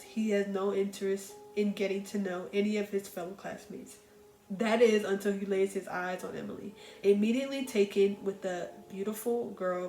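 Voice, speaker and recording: Chatty woman, echoey room. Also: medium pitch. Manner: chatty and animated, addresses viewers as "y'all". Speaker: book reviewer. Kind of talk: casual book recommendation chat. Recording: echoey room with faint music.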